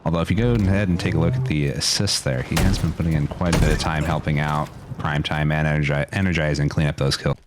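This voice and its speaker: A man giving color commentary on a competitive shooter match, relaxed and agreeable with his co-caster. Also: a bass voice, quick pace, hardly any pauses, noisy background. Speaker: esports co-caster.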